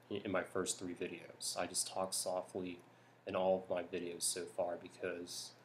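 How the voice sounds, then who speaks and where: A young man from California talking softly in a hushed voice at home at night for a vlog, rambling with lots of ums and restarts. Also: sits low, a little hiss or hum. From California, United States. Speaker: YouTuber. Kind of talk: soft-spoken vlog talk.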